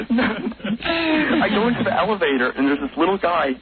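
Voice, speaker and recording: A man calling in to a radio show, telling a story in a halting, giggly way. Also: high voice, animated. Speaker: regular prank caller. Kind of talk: phone call to a radio show. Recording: noisy phone line.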